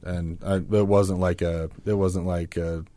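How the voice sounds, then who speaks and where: A man's voice: sits low, flat delivery, measured pace, mellow. A man as a podcast guest, telling his personal story in an earnest, reflective way.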